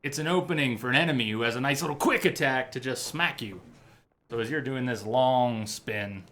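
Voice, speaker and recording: A man streaming a game, thinking aloud in casual commentary with sudden loud outbursts. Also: medium pitch, a little fast, slight background noise. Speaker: gameplay streamer.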